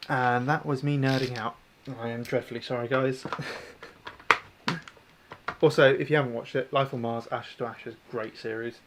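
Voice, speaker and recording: Over a noisy background, a New Zealand man with a medium pitch and fairly even intonation speaks at a moderate pace. As host of a casual airsoft tech livestream, he rambles chattily and self-deprecatingly while servicing an airsoft gun and answering chat.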